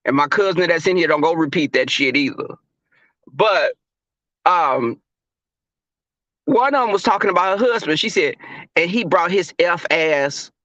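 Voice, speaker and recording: A man's voice: a little high, animated, moderate pace, pauses often, fairly bright tone, no echo, dull audio. A young man hosting a casual livestream, talking animatedly and profanely, laughing and calling out viewers in the chat. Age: young adult. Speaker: livestream host.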